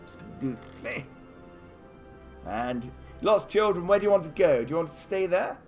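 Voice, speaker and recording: A man's voice: a little high, normal speed, soft background music. A man running a live tabletop adventure game for kids, narrating scenes and offering the players choices. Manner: animated storytelling, offering choices. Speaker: game master.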